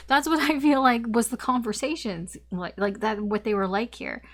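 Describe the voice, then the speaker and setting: A woman's voice: on the high side, moderate pace, few pauses. A woman giving a casual tarot reading, talking in a rambling, chatty way full of fillers and the odd swear word. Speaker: tarot reader.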